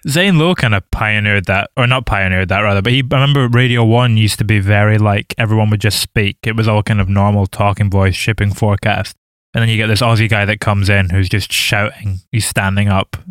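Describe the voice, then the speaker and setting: Young male podcast host, deadpan teasing, lowish smooth voice, dry close sound. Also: brisk, no echo. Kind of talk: casual chat.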